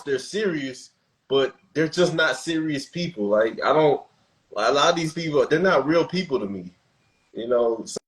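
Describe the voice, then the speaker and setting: A man's voice: on the high side, lively intonation, normal speed, low-quality recording. A man hosting a podcast in casual chat, laid-back, laughing often and restarting his sentences. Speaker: podcast host.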